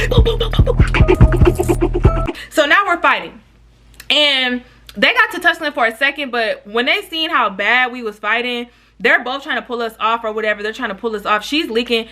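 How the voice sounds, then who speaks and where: Bright, animated young woman telling a story. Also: a little high. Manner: animated, frank, slangy, swears freely, talks straight to viewers. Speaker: YouTuber. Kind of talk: casual storytime vlog.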